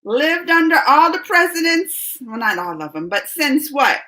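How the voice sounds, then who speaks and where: A woman in her forties hosting a live stream, talking to her chat in an animated way and repeating herself as she calls chatters by name. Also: sits high, a little slow, low-quality recording. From United States. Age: 40s.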